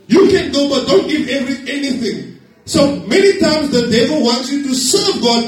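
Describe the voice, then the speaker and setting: A man preaching a sermon to his congregation, lively and joking with them. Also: extremely high pitch. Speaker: pastor. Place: church hall. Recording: echoey hall, distant mic.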